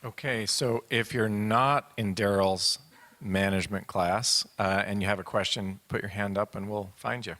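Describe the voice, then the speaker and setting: A man moderating audience questions, speaking in a brisk, practical way. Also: on the low side, fairly even intonation, pushed and bright. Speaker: event moderator.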